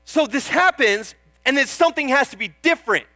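A man's voice: extremely high pitch, expressive, fairly quick, bright, forceful tone, dry recording, faint music behind. A young man preaching a sermon in an earnest, chatty way, often calling out "Amen?" and joking about himself. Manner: self-deprecating, laughs at himself.

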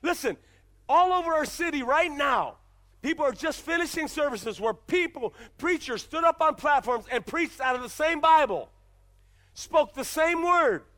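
A man's voice: very high voice, expressive, normal speed, sharp tone. A man pastor preaching a sermon in a church, emphatic and full of repeated rhetorical questions.

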